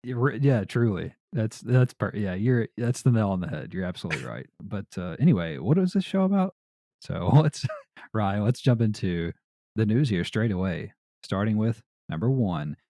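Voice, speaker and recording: A Southern American man hosts a casual podcast in a deep, mellow voice. He rambles easily, with plenty of fillers and laughter. The sound is dry and close. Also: very animated, normal speed, dry recording. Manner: laid-back, rambling with fillers and frequent laughs. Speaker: podcast host.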